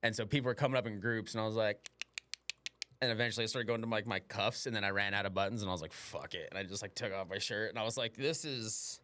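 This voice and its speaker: A man's voice: on the low side, fairly even intonation, fast talker, fairly bright tone. A young man, a podcast host and stand-up comic, chatting casually and telling rambling stories full of swearing and playful slang.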